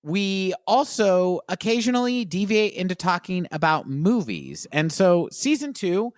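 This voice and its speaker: A man co-hosting a casual podcast, talking in an earnest, playful and animated way. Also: high-pitched, measured pace, dry recording, clean studio sound. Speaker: podcast co-host.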